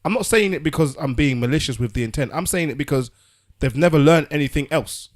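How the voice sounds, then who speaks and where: A man's voice: a little high, animated, fast. A man, a podcast co-host making an earnest argument in casual discussion. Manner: earnest, argumentative, restarts words.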